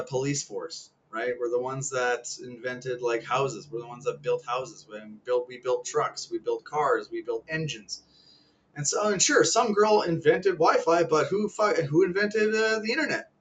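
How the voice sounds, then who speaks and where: A man's voice: medium pitch, a bit bright, muffled recording. A man in his thirties ranting casually to camera, rambling, swearing a lot and laughing at his own jokes. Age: 30s. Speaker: vlogger. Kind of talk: casual rant.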